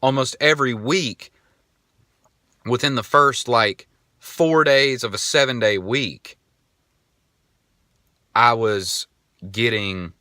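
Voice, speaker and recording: A man's voice: medium pitch, slow, pauses often, pushed and bright, no echo, studio quality. A man in his twenties hosting a podcast, telling a rambling story in a casual monologue. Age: 20s. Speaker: podcast host.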